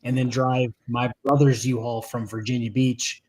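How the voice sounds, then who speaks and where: A man's voice: mid-range voice, flat delivery, moderate pace, darkish tone. A man from Michigan whose accent slips toward Southern, chatting casually on a live stream after a few drinks and often trailing off. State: has been drinking. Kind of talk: casual chat.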